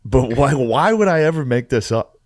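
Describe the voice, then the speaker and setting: A young man in casual podcast chat, telling an animated, profane anecdote and acting out what people said. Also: medium pitch, moderate pace. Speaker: podcast storyteller.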